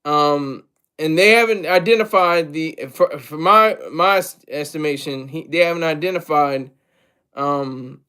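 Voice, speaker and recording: High-voiced man rambling on a livestream. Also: measured pace, pushed and bright, clean tone. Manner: rambling, repeats himself, many fillers; asks viewers for tips. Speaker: livestream host. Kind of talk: casual livestream commentary.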